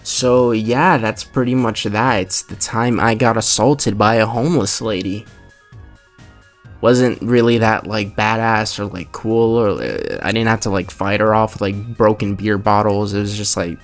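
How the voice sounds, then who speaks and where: A man's voice: lowish voice, measured pace, faint music behind. A man in his twenties telling a story in a rambling, casual rant, full of swearing and fillers. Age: 20s. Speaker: vlogger.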